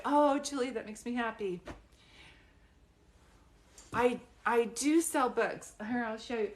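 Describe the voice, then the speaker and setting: A woman working as a psychic medium, talking casually and warmly to viewers on a phone live stream, chatty and giggly as she gives readings. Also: mid-range voice.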